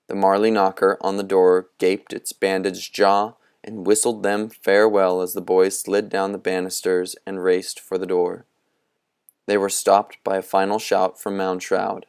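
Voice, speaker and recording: A man narrating a storybook with a low, deep voice. He reads slowly and with measure, his tone smooth and clear throughout. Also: flat delivery, dry recording, clean studio sound. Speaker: audiobook reader. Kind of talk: scripted narration.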